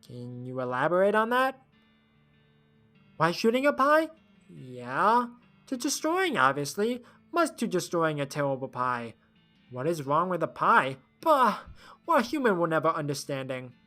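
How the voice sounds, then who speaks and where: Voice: mid-range voice, sing-song, a little slow, pushed and bright. A streamer voicing a surly goblin who speaks in broken grammar, over faint music. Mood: indignant. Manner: broken grammar, gruff outbursts. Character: surly pie-shooting goblin, broken speech.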